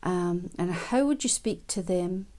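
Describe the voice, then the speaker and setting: Soft-spoken woman, self-help talk. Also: fairly low pitch, animated. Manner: soft, unhurried, with many ums and quiet laughs.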